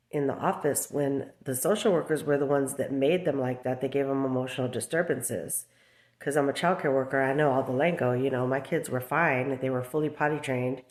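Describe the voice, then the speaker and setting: A woman's voice: rumbling low, a little mellow. A woman in her thirties ranting in a casual vlog about her children, agitated and rambling with lots of fillers. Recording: roomy echo.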